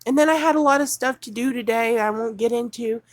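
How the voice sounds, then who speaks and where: A woman's voice: on the high side, fairly quick, no echo. A woman ranting furiously off the cuff on a livestream, reading news excerpts aloud and mocking them. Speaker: livestream host.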